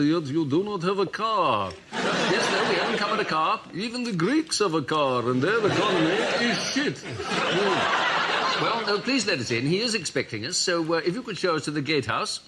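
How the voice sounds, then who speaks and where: Guy playing a bumbling posh prime minister, flustered and rambling, voice jumping around, loud noisy room. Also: high-pitched, very animated, normal speed. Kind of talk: improvised comedy sketch. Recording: loud noise and audience laughter.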